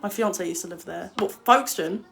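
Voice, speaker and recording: A woman's voice: fairly low pitch, brisk, gravelly, a bit bright. A young woman chatting casually on a livestream, blunt and swearing freely as she answers viewer comments. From England.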